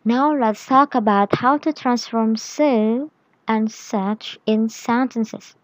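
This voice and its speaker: A woman explaining English grammar in a lesson, reading example words and phrases deliberately. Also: fairly high pitch, dry recording, low-quality recording.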